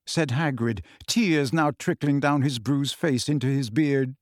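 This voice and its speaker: A man narrating an audiobook in a steady, measured storytelling voice, recorded on a close studio mic. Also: medium pitch, no echo.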